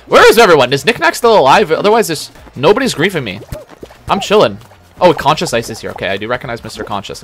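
Young male streamer, quick and animated, joking and yelling at gameplay. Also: a little high. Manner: joking, chatty, reads chat aloud, yells at the game. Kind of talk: live gaming stream commentary.

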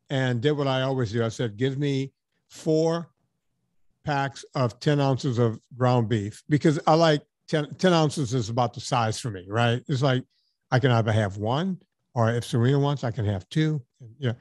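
A man's voice: medium pitch, normal speed, no room sound, clean studio sound. A man hosting a podcast, telling a story in casual chat and acting out the dialogue, with some casual swearing. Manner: animated storyteller, acts out dialogue. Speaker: podcast host.

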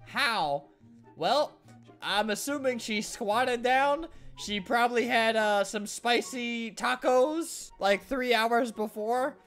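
A man's voice: very high-pitched, fairly bright tone. Joking, mock-sad male gaming commentator. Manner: mock-sad, sarcastic, often breaks into laughter.

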